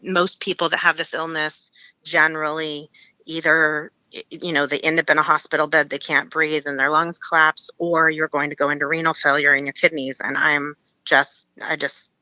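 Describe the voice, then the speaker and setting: A woman's voice: sits low, little pitch movement, normal speed, sharp tone, no echo, lo-fi sound. A woman from Alaska, a podcast guest, frankly telling a personal story in an interview and laughing through hard memories.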